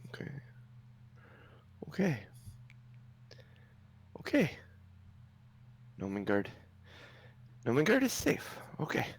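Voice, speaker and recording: A man's voice: medium pitch, huge pitch swings, slow, pauses often, slightly rough, voice pushed up, heavily acted. A man voicing a nervous male gnome king who keeps repeating himself. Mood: jittery.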